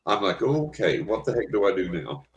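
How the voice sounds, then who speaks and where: Older man with a very deep voice. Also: quick pace, rough recording. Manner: animated storyteller acting out his own reactions. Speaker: psychic guest telling a story. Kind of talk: storytelling interview.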